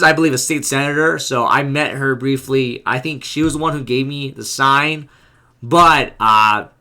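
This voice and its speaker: A man casually narrating his vlog, excited and rambling with lots of fillers. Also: medium pitch. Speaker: vlogger.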